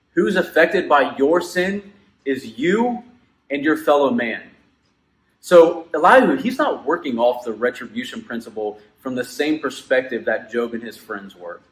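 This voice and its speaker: A man's voice: medium pitch, fairly bright tone. A man leading a student ministry Bible lesson, explaining earnestly and building toward dramatic moments in the story. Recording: echoey room.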